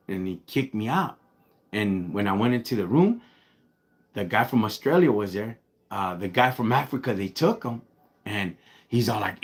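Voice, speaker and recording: A man from Los Angeles with a Chicano English accent spins a long story for his live stream viewers in a relaxed, slang-heavy way. His voice sits at a middle pitch. He keeps stopping to greet and thank people in the chat. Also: a little fast. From Los Angeles, United States. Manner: slangy and laid-back, breaks off to thank viewers. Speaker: livestream host.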